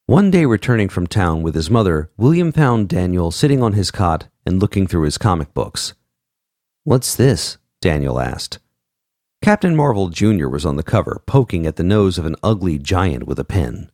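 A man narrates a story in a deep, low voice with a lot of movement in the pitch. He reads at a measured, expressive pace and voices each character in turn. The recording is dry and close. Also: dry recording. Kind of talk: audiobook narration.

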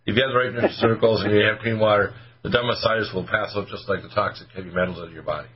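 A man's voice: fairly low pitch, steady tone, racing. A man in his seventies hosting a talk radio show, rambling and joking. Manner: rambling, joking, hoarse-edged. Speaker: radio host, doctor. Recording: muffled radio audio, faint music.

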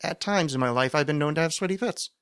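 A man's voice: on the high side, quick pace, fairly bright tone, clean tone, no room sound, studio quality. A man hosting a solo podcast, chatting casually in a rambling, self-mocking way with lots of fillers. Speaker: podcast host.

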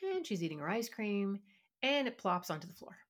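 A woman's voice: medium pitch, very animated, a little fast. A woman hosting a parenting podcast, talking earnestly and with emphasis, now and then acting out what a parent or child might say. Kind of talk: solo podcast teaching talk.

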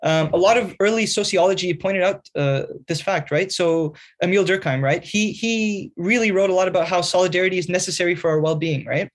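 A man's voice: high-pitched, a little fast, few pauses. A man answering interview questions earnestly, explaining ideas at length and often checking in with "right?". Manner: earnest, lecturing, keeps adding "right?". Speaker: guest, magazine writer.

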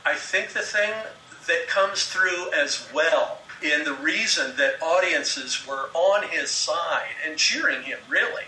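A man with a very bright, sharp-edged voice, talking a little high for a man. He is recorded from some distance in an echoey room with faint background noise. He spins film anecdotes in a steady conversational flow. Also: slow pace. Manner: storytelling, retells anecdotes with quoted dialogue.

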